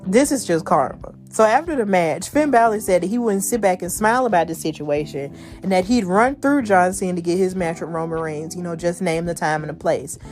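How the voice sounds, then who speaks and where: A woman's voice: fairly low pitch, brisk, a little mellow, faint music behind. Chatty slangy woman podcast host. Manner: chatty, slangy, laughs at her own jokes. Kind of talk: casual wrestling recap.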